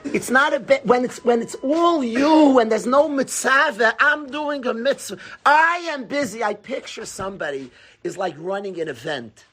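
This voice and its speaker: A man giving an animated Torah class. He talks emphatically, repeats key phrases and asks rhetorical questions. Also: very high voice, moderate pace.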